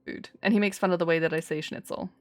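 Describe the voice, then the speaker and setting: A woman's voice: lowish voice, fairly even intonation, quick pace, a little mellow. Chatty woman streaming a game. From Cyprus. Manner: chatty, laughs often, replies to chat. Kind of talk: casual chat while gaming.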